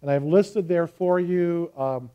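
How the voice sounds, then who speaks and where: A man preaching a sermon and teaching a parable, earnest and emphatic, slowing down to stress key phrases. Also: fairly high pitch, clear, resonant tone, lo-fi sound.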